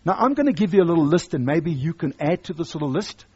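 A male preacher with a high, husky voice delivers a sermon. He is emphatic and circles back to repeat his key lines. The recording sounds dull and lo-fi. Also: expressive, quick pace, a little mellow.

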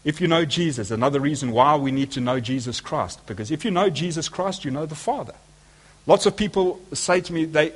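A man's voice: a little high, lively intonation, brisk. A man preaching a sermon, speaking emphatically and asking his listeners rhetorical questions.

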